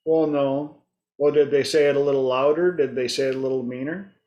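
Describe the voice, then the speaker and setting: A man's voice: mid-range voice, steady tone, a little fast, lo-fi sound. A man hosting a casual group discussion, telling stories and acting out his clients' voices. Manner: storytelling, acts out clients' voices. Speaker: host.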